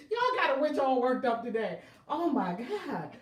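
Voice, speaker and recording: A woman with a fairly high, very lively voice talks to her viewers in a relaxed, chatty way and keeps breaking into big laughs and exclamations. She is recorded in an echoey room at home, set back from the microphone. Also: a little slow, recorded from a distance. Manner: animated, laughing loudly, exclaiming often. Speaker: tarot video host. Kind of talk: casual chat to viewers.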